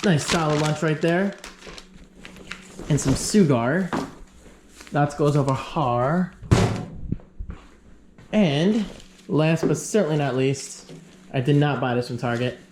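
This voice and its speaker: A man's voice: on the high side, lively intonation, takes it slowly, pauses often, background noise. A man talking casually to camera as a vlogger, rambling and joking about his day. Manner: rambling, chatty, self-joking. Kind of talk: casual vlog chat.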